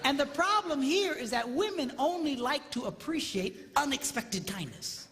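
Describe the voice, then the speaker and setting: A man giving a comedic seminar talk on marriage, animated and mimicking squealing women in falsetto. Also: normal speed. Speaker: comedic relationship speaker. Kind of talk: stand-up style seminar talk. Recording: live hall, faint ambience.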